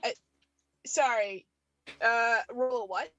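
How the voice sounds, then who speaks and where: A woman's voice: on the high side, slow, fairly bright tone, muffled recording. A woman playing in a tabletop game, hesitant in casual chat. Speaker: player.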